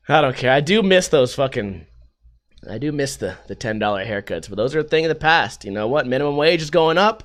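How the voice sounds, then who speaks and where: A man's voice: fairly high pitch, animated, fast, a bit bright. A man hosting a podcast, rambling through a casual, sarcastic and profane monologue. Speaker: podcast host.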